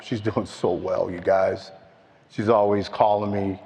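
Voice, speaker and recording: An older man telling his own story at a recovery meeting, slow and halting, heartfelt. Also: fairly low pitch, steady tone, creaky, darkish tone. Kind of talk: personal testimony. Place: meeting hall. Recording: dull, with long hall echo.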